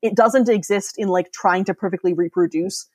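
A woman's voice: medium pitch, moderate pace, a little mellow, husky, no echo. A woman in her thirties, a podcast guest, explaining ideas eagerly in casual chat and laughing often.

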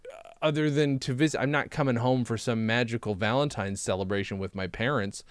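A man's voice: mid-range voice, a little fast, smooth, no echo, clean studio sound. A man co-hosting a casual chat, rambling and cutting himself off, with some casual swearing. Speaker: podcast co-host. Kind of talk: casual chat reviewing old videos.

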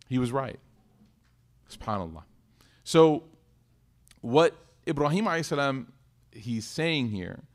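A man teaching a sermon in a conversational, animated way, telling a personal story and asking rhetorical questions. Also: mid-range voice. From United States. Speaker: Islamic teacher.

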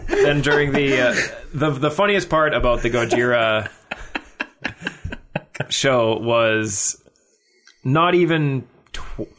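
A tired man, a podcast co-host telling a long story in casual chat, halting and restarting as he goes. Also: medium pitch, expressive, fairly bright tone.

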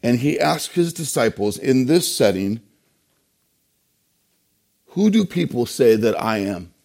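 A male pastor delivering a sermon in a mellow, darker voice. He leans on key words and poses rhetorical questions to the congregation, pausing to let them land. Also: mid-range voice, big pitch swings, creaky. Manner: emphatic preaching with rhetorical questions and pauses.

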